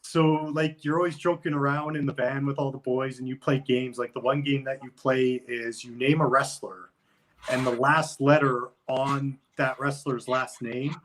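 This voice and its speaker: A man's voice: mid-range voice, fairly even intonation, moderate pace, fairly bright tone, slight background noise, rough recording. A man talking loosely as an interview guest, rambling with lots of filler words. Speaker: guest, wrestler. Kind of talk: casual interview chat.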